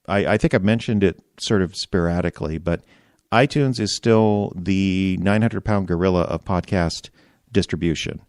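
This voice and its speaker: A male podcast host talks casually with a relaxed, self-deprecating manner. His voice sits a little low, and the recording is close and dry. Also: no room sound.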